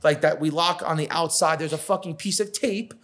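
A man's voice: fairly high pitch, fairly quick. A man in his thirties, a catering business owner, telling stories in a casual podcast chat, swearing often and acting out quotes. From New York. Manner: profane, animated storytelling, acts out quotes.

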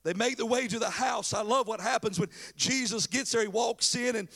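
A man preaching a sermon as pastor, telling a story with lively, casual acted-out voices. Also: extremely high pitch, moderate pace, vocal fry. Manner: animated storytelling, acting out biblical characters in casual slang.

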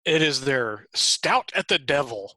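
A man hosting a podcast in casual chat, giggling a lot and filling pauses with hesitant "uh"s and "um"s. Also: medium pitch, animated, bright, forceful tone, no echo. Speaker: podcast host.

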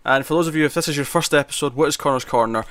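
A man's voice: fairly high pitch, racing, fairly bright tone, no echo. A man hosting a podcast, chatting casually and introducing segments with some hesitant fillers. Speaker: podcast host.

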